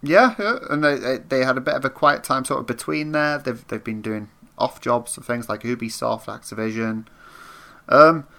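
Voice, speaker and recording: A man's voice: mid-range voice, normal speed, vocal fry, pushed and bright. A man co-hosting a podcast, explaining things in a rambling, hedging way. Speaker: podcast co-host. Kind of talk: casual chat.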